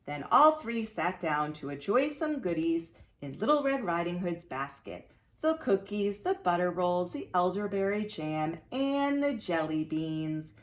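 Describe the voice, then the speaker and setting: A woman's voice: fairly low pitch, unhurried, reverberant. A woman preschool teacher reading a storybook aloud to young children, inviting them to join in. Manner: animated, asks children to join in.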